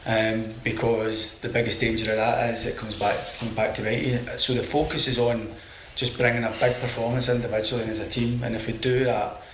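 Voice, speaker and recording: Male football manager, measured monotone answers, roomy clip, faint ambience. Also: mid-range voice, slight background noise. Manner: measured, steady, says um often. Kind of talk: press conference answers.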